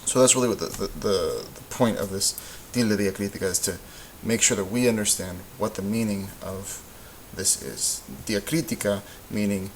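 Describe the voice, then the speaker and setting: Low-voiced man explaining grammar. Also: moderate pace, hardly any pauses, rough recording. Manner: relaxed explaining with many ums and uhs. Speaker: Spanish teacher. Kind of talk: recorded lesson voice-over. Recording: faint hiss.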